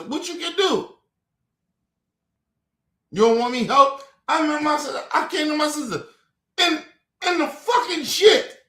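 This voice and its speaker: A man's voice: extremely high pitch, bright, forceful tone, roomy sound. A man streaming a heated, profane rant, repeating himself over and over to his viewers. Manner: profane and repetitive, talking to the viewers.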